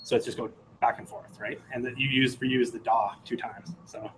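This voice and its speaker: A man's voice: medium pitch, steady tone, normal speed, a bit bright, a little hiss or hum, poor audio. Rambling man giving a hands-on tech talk. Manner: rambling, many fillers and self-corrections, sings out Morse rhythms. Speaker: meetup presenter. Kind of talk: casual technical talk with live demo. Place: meetup room.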